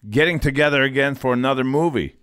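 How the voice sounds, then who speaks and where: Male podcast host, mid-pitched, easygoing interviewer, dry studio sound. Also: quick pace, fairly bright tone, clean tone, no echo. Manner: easygoing, reacts with laughs and exclamations. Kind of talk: casual interview chat.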